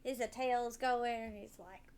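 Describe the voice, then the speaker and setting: A woman playing a tabletop game, reacting with excitement. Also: fairly high pitch, slow. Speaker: player. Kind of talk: casual chat at a tabletop game.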